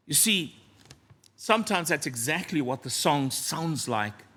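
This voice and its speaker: A man preaching a sermon in a church, earnest and storytelling, often dropping to a soft, low voice. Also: big pitch swings, measured pace.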